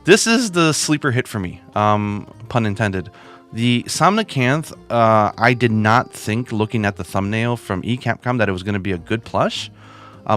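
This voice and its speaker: A man's voice: on the low side, a bit bright. A man hosting a video and reviewing plush toys in a chatty, casual way, with lots of asides. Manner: chatty, with many fillers and asides.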